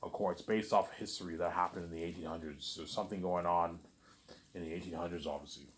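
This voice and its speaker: A man's voice: low voice, fairly even intonation, fast, a little hiss or hum. A man vlogging a late-night monologue, meandering and repeating himself, restarting sentences and saying "obviously" again and again.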